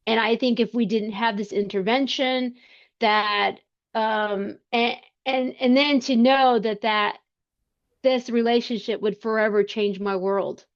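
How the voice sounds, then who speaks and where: A woman as a podcast guest, telling a personal story in conversation, earnest and halting with frequent restarts. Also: fairly high pitch, steady tone. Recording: slightly muffled lo-fi sound.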